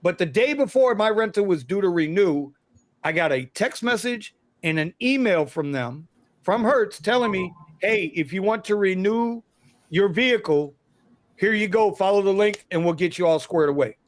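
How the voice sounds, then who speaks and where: A man hosts a casual livestream and tells a long story in a chatty, slangy way. His voice sits high. The sound is dry and close, with almost no room. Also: lively intonation, moderate pace, no echo. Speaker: livestream host.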